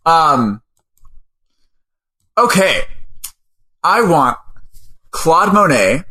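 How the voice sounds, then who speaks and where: A man's voice: on the high side, sing-song, very slow, bright, forceful tone. A man co-hosting a comics podcast in casual, chatty talk, laughing often. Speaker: podcast co-host. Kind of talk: casual chat.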